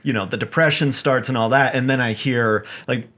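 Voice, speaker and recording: A man from Los Angeles County hosting a podcast, chatting casually in a relaxed, trailing way with plenty of fillers. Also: medium pitch, fairly quick. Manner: relaxed, trailing, with frequent fillers and agreeing interjections. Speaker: podcast host. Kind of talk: casual chat.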